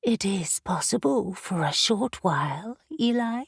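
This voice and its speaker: A soft, breathy female tree spirit, put on by a woman narrator for an audiobook. She speaks slowly and in a hush, with a serious, enticing calm. The sound is dry and close. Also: medium pitch, no echo, full character voice. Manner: calm, hushed, slow. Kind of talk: audiobook character voice.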